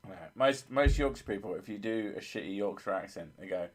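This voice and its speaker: A man's voice: on the low side, animated, brisk, hardly any pauses. A man hosting a gaming channel, chatting casually, joking, swearing freely and laughing often.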